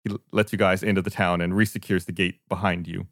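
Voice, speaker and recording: A man narrating as game master of a tabletop game, halting with fillers. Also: sits low, little pitch movement, a bit bright, no room sound, studio quality.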